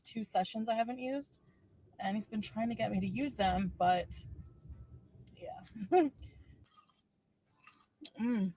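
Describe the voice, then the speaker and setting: Giggly, slow-talking woman vlogging. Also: fairly high pitch, darkish tone. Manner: giggly, chatty while eating. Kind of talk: mukbang vlog.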